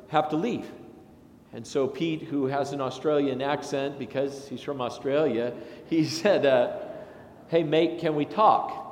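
A man, a pastor, delivering a sermon in a chatty, anecdotal way with lively asides. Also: medium pitch, slight background noise. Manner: conversational and anecdotal, with animated asides. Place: large church sanctuary. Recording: echoey sanctuary with long reverb.

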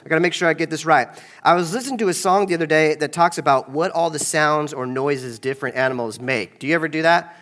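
A man's voice: a little high, fast, a bit bright. A man pastor leading a children's sermon in a large church, playful and talking right to the kids. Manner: playful, addressing kids directly.

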